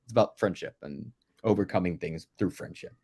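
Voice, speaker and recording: A man in casual movie-podcast chat, enthusiastic and quick to laugh. His voice sits fairly low, and he often stalls on fillers before getting his point out. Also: darkish tone, breathy edge. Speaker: podcast co-host.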